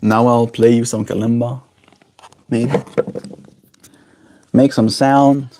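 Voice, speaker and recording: A young man talks loosely to his livestream audience, answering comments and teasing his viewers. His delivery is playful and joking, and it drops to quiet mumbles now and then. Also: mid-range voice, fairly even intonation, slow, a little hiss or hum. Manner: playful, teasing, drifting into silly put-on voices and quiet mumbles. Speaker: daily livestreamer. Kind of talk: casual livestream chat reading comments.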